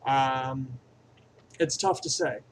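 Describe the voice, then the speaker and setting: A man's voice: mid-range voice, slow, slight background noise, rough recording. A man giving an off-the-cuff movie review, profane and rambling, swinging between enthusiastic bursts and mumbled asides. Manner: crude and profane, rambling aside-heavy delivery.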